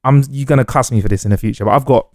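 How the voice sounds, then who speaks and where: A man's voice: mid-range voice, very fast, no echo, studio quality. A man co-hosting a podcast, telling jokey stories in casual slang. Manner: animated, jokey storytelling with slang. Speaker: podcast co-host. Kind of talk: casual chat.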